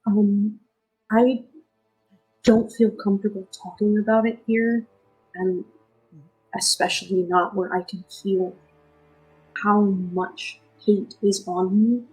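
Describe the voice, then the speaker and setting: A woman voicing a nervous young male half-drow rogue who stammers and speaks quietly, like an apology. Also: medium pitch, little pitch movement, slow pace, long pauses, slightly rough, soft background music, rough recording.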